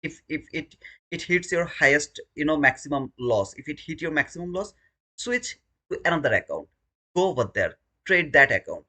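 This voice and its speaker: Bright-voiced man pleading at live charts. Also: fairly high pitch, sing-song, moderate pace. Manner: pleads and chants at the chart, scolds himself. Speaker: day trader streaming live. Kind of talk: live trading commentary.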